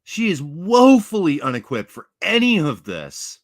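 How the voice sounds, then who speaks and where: Sardonic man with lively pitch. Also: unhurried. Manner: sardonic, mocking. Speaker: commentary channel host. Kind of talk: mocking commentary over a clip.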